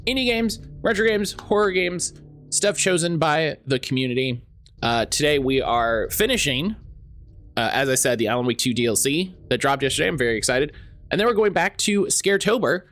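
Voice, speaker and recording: Animated man chatting on a game stream. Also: fairly high pitch, normal speed. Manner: rambling, excitable, greets chat by name. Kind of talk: casual live-stream chat.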